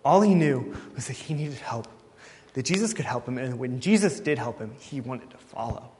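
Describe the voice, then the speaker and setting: A man preaching a sermon, telling a story in a lively way and acting out the people in it. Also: mid-range voice, normal speed, big-room sound, a little hiss or hum.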